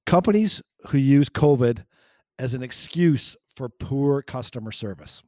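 A man's voice: medium pitch, expressive, unhurried, dark tone, no echo. Indignant man ranting, dry sound. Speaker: podcast co-host. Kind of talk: casual chat.

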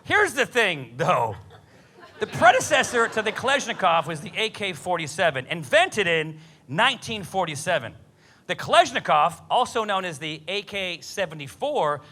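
A man doing a stand-up comedy set, telling a story with lots of swearing and animated delivery. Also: high voice, slight background noise. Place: comedy club stage.

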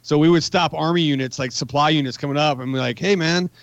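A man's voice: on the high side, fairly even intonation, quick pace, vocal fry, no echo, highs cut off. A man in his forties, a podcast guest, telling a rambling, profane war story in casual talk. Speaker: podcast guest, magazine editor.

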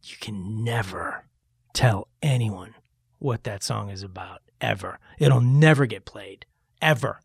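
A man doing a grave, low-voiced mentor. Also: measured pace, vocal fry, slightly rough, dry recording, clean studio sound, exaggerated voice. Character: stern male musician mentor giving a warning.

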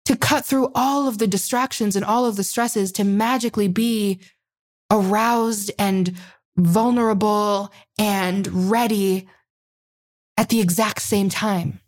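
A woman with a mid-range voice giving sex and relationship advice in a relaxed conversation. She explains ideas step by step and keeps checking in with the listener. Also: mid-range voice, takes it slowly. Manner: explanatory, checks in with frequent "right?".

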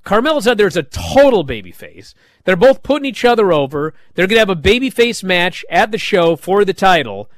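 A man hosting a show, recapping wrestling in a casual, animated way and acting out the quoted lines. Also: sits high, fairly quick, dry recording, studio quality.

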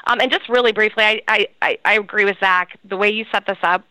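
Bright, smooth-voiced woman guest. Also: mid-range voice, fairly even intonation, fast, no echo, low-quality recording. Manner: warm and gracious, grateful. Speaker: guest, caregiving expert. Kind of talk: conversational guest talk.

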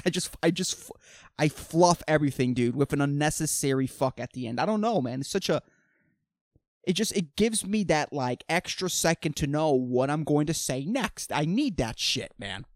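Profane ranting young man, lively swings. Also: fairly high pitch, moderate pace, no echo, clean studio sound. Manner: profane, ranting, swings from loud outbursts to mumbled asides. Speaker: podcast host. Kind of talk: solo comedic rant.

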